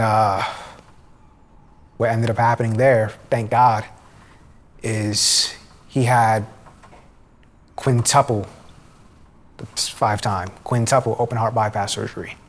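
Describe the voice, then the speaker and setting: A young man giving a personal testimony in church, telling his story conversationally with many restarts. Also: lowish voice. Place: church sanctuary.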